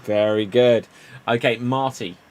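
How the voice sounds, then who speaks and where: A man hosting an improv show, telling quick pun jokes and calling on players by name. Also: medium pitch, steady tone, darkish tone. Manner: quick punny joke-telling, calls on players. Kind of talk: improv joke game.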